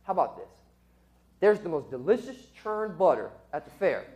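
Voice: mid-range voice, sing-song, normal speed, a little mellow, natural voice. Someone telling of a scheming hungry wolf. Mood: coaxing.

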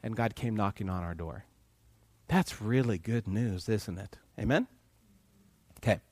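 A man's voice: fairly low pitch, unhurried, a little mellow, dry recording. A man preaching a sermon, asking the congregation questions and acting out voices in quotes. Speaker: pastor.

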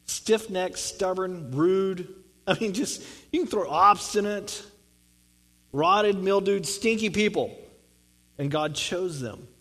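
A man's voice: high voice, takes it slowly, a bit bright, rough recording. A man preaching a sermon, reading scripture and explaining it in a conversational way, often repeating words for emphasis. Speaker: pastor.

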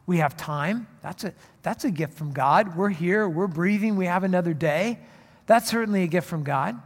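A man's voice: high-pitched, normal speed, long reverb tail. A man preaching a sermon as pastor, earnest and building to emphatic proclamation.

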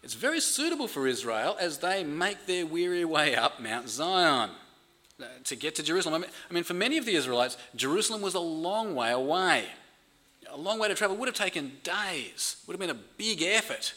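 A man's voice: a little high, very animated, a little fast, bright, forceful tone. A man preaching a sermon in an earnest way, often repeating words as he builds emphasis. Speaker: pastor.

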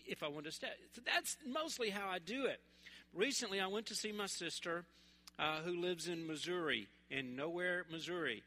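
A man from West Tennessee, preaching a sermon in a relaxed, conversational, humorous storytelling way. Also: a little high. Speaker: pastor. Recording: echoey hall.

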